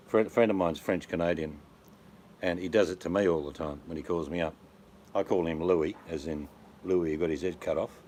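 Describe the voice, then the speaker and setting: A man's voice: low voice, a little mellow, slight background noise. A man chatting casually as a host, telling rambling stories with jokes. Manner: rambling, joking storyteller. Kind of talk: casual chat.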